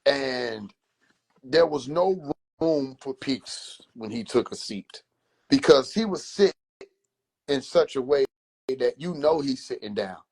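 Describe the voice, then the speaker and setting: A man telling a comedic story on a phone livestream in an animated, drawn-out way. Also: mid-range voice, breathy edge. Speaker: livestream host.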